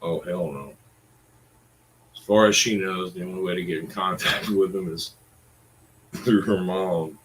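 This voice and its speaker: A man's voice: low-pitched, a little slow, pauses often, a bit bright, slight background noise, rough recording. A man in his forties ranting in a rambling, exasperated way, full of curses. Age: 40s. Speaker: vlogger. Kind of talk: casual ranting monologue.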